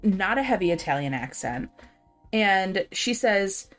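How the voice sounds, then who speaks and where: A woman co-hosting a book podcast, retelling a thriller's plot in a candid, animated way, swearing now and then. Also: mid-range voice, measured pace, faint music behind. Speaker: podcast co-host. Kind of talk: casual book discussion.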